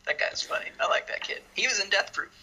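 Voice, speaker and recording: A man co-hosting a casual film podcast, laid-back, acting out scenes in high goofy voices. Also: fast talker, bright, forceful tone, low-quality recording. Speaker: podcast co-host.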